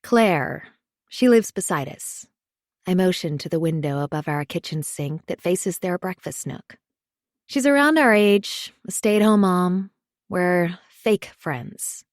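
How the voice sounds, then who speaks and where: A woman narrating a thriller audiobook in the first person, measured and understated. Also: on the low side, a little mellow, no echo, clean studio sound.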